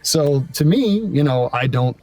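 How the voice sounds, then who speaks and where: A man's voice: on the high side, expressive, unhurried, a little mellow, far from the mic. Young male voice actor, gritty voice, loose rambling delivery, set back from the mic. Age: young adult. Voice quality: scratchy, gritty. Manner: rambling, many fillers and restarts. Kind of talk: interview guest.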